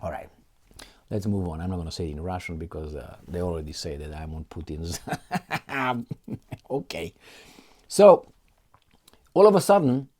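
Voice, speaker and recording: Man, mocking news commentary, lowish voice, very lively pitch. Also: normal speed, long pauses. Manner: sarcastic, mocking, animated. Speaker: political commentator. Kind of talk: casual commentary reading articles.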